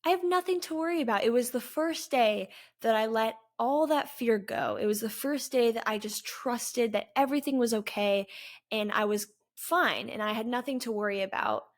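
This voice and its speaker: Earnest young woman telling her story. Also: a little high. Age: 20s. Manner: candid, earnest, halting with pauses. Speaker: vlogger. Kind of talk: personal storytelling.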